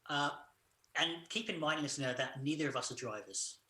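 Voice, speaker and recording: A man with a bright, forceful voice chats casually through a film's story, rambling loosely as he goes. His voice rings out in a roomy, echoey space. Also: a little high, fairly quick. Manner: loose retelling of the plot, full of "sort of" and "like". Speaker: podcast co-host. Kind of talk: casual film review chat.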